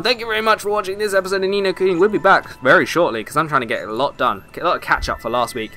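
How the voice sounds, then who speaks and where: A man's voice: medium pitch, lively intonation, quick pace, low-quality recording. Joking let's-play man. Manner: joking, self-mocking asides. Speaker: gameplay commentator. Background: game music.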